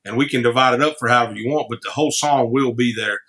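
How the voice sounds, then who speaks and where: A singer-songwriter guesting on a podcast tells rambling, casual stories, restarting often and laughing easily. He talks fast in a mid-range voice with a fairly bright tone.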